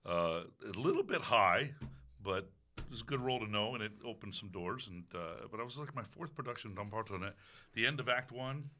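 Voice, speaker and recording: A man, an opera singer, telling a story about a stage role in casual chat, lively and quick to laugh. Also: on the low side.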